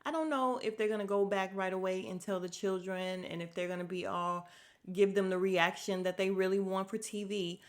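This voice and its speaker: A woman's voice: mid-range voice, fairly even intonation, moderate pace. A woman hosts a casual podcast recap, talking straight to her listeners. She is blunt and opinionated, and she keeps slipping in sarcastic asides and exasperated remarks. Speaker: podcast host recapping a TV show. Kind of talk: casual chat.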